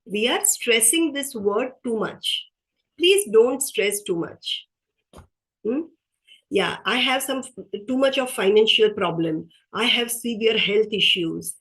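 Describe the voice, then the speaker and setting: Woman, unhurried webinar speaker, slightly high voice, earnest and repetitive. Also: animated, a bit bright, low-quality recording. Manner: slow, earnest, repeats key phrases. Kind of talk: motivational workshop talk.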